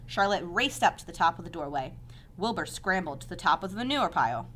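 A woman narrating a children's novel aloud with measured, expressive storytelling. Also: on the low side.

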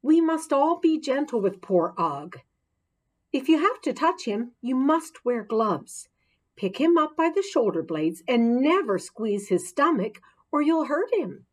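A woman voicing a patient, higher-pitched schoolteacher. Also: very animated, unhurried, exaggerated voice. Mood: instructing. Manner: patient, explaining clearly. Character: calm, instructive female schoolteacher, middle-aged.

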